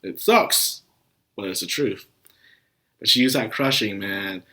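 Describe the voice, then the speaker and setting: Young male anime reviewer, casual and animated, under the weather with a cough. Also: fairly low pitch, normal speed. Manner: animated, swears and laughs, acts out scenes. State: sick with a cough.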